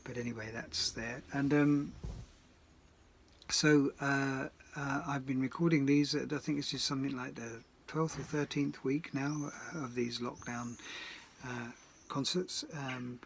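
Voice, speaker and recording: A man's voice: mid-range voice, fairly even intonation, unhurried, gravelly, slight background noise. A singer-songwriter telling a rambling, hesitant story between songs, recorded in his garden shed, with dry asides.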